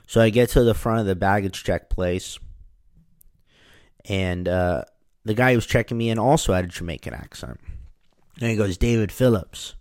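Low-voiced man telling a wry story. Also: animated, normal speed, long pauses, a little mellow, dry recording, clean studio sound. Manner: rambling, restarts words, wry. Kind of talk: casual anecdotal storytelling.

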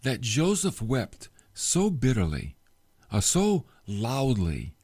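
A male preacher tells a story in an unhurried, deliberate sermon. His pitch rises and falls a great deal as he dramatizes each moment. The sound is close and dry, with no room around it. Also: slightly rough, no echo. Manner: storytelling, expressive, drops to soft emotional tones. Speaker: pastor.

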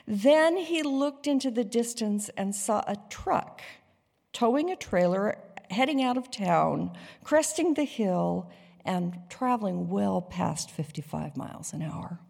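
A woman tells a dramatic story slowly and expressively. Her voice is husky with a gravelly edge, and a long hall reverb trails each phrase. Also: medium pitch, expressive, darkish tone.

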